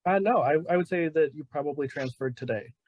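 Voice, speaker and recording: A man running a tabletop role-playing session in a casual, laid-back way, often pausing on fillers. His voice is mid-pitched and sounds dry, close and direct. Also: a little mellow, no echo. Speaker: game master. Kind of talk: narrating a tabletop game.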